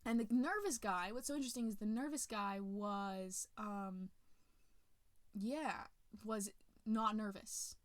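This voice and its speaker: A woman's voice: mid-range voice, slow pace, dry recording. A woman hosting a podcast, casually retelling a movie's plot in a rambling way, restarting often and acting out the characters' lines. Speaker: podcast host.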